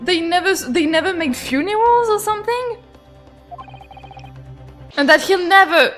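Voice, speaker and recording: A young woman streaming a game, reading dialogue aloud and reacting excitably with stammers and shrieks. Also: sits high, slow, faint music behind. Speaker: gaming streamer. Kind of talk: let's play commentary with voiced lines.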